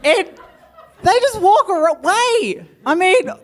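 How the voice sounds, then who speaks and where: A woman's voice: very high-pitched, expressive, takes it slowly. A woman doing a chirpy, self-deprecating stand-up routine. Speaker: stand-up comedian.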